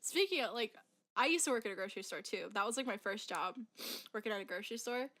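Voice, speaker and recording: A woman's voice: medium pitch, lively intonation, quick pace, fairly bright tone. A young woman telling a story as a podcast co-host, rambling and full of "like" fillers. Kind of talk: casual chat.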